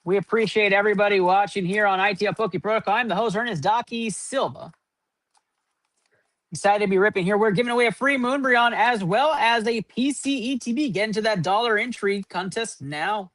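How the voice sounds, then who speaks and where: A man with a high-pitched, slightly bright voice hosts a live card-opening stream, talking at a normal speed. He keeps an upbeat tally of running point totals and hypes each pull. There's no room sound.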